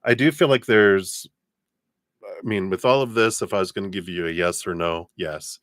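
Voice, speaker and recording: Male tarot reader, very low voice, dry close sound, easygoing chatty delivery. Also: moderate pace, dry recording. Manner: relaxed, chatty, many fillers. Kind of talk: live-stream tarot reading.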